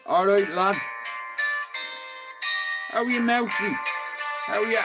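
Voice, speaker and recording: A man's voice: high-pitched, slow, over loud music. A man with a Dublin Irish accent chatting casually to his livestream viewers, rambling and swearing freely. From Dublin, Ireland.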